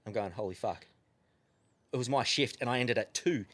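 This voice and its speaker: A man's voice: medium pitch, moderate pace. A man with an Australian accent, a podcast guest telling casual stories full of swearing. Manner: profane, animated yarn-spinning with frequent swearing. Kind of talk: casual storytelling.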